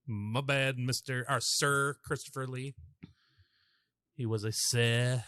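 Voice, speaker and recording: Regular guy on a podcast, cracks quick jokes, swears, dry close mic. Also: mid-range voice, steady tone, bright, forceful tone, smooth, dry recording. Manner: quick jokey interjections, swears. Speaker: podcast co-host. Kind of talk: casual chat.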